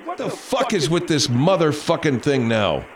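A man's voice: a little high, big pitch swings, normal speed, noisy background. A man hosting a podcast pre-show, rambling casually, swearing and checking his sound levels. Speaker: podcast host.

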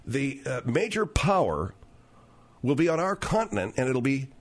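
A man's voice: medium pitch, big pitch swings, normal speed. A male radio talk show host reading and riffing on the news in a wry, sarcastic, slangy way.

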